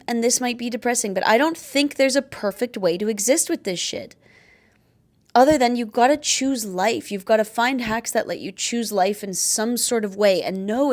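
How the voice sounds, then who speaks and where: Blunt, swearing woman vlogger. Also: fairly high pitch. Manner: blunt, swears freely, emphatic. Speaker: vlogger sharing chronic illness tips. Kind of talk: candid talking-to-camera advice.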